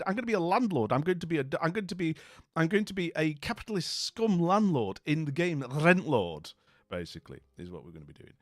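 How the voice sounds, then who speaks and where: A man's voice: on the high side, no echo, clean studio sound. A man chatting with his stream viewers, friendly and rambling, with lots of fillers and restarts. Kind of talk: casual chat.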